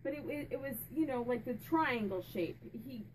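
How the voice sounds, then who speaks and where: A woman's voice: high-pitched, lively intonation, moderate pace, a little hiss or hum, poor audio. Chatty woman relaying spirit answers. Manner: chatty and meandering, asks questions aloud then repeats the answers. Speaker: psychic medium and channel host.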